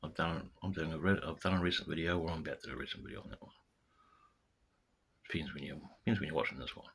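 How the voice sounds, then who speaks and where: A man's voice: very deep voice, quick pace, fairly bright tone, a little hiss or hum. A man talking straight to his viewers in a loose, ranting monologue, repeating words and firing off rhetorical questions. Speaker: vlogger. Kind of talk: casual spoken monologue to camera.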